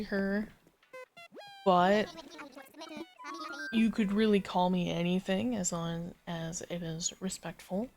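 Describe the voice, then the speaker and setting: A woman hosts a livestream in an easygoing, rambling chat while she plays. Her morning voice sits lower than usual. She talks slowly into a desk mic, with soft game music playing underneath. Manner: easygoing, rambling, many fillers. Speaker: livestream gamer host.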